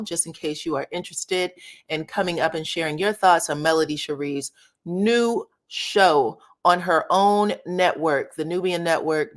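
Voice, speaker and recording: A woman hosting a casual live stream, chatting with viewers and thanking subscribers as she reviews a new show. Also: deep voice. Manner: chatty, addresses viewers as y'all and child. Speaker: livestream host of reality show commentary.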